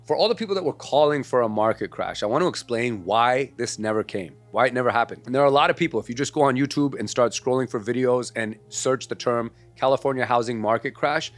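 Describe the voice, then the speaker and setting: Male mortgage advisor, assured and advisory, average pitch, soft music bed. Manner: confident, advisory, addresses viewers as guys. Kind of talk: scripted explainer to camera.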